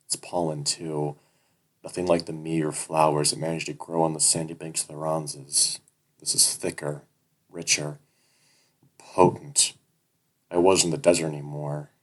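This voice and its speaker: Very deep-voiced male audiobook narrator. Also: fairly bright tone, poor audio. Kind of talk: first-person fiction narration.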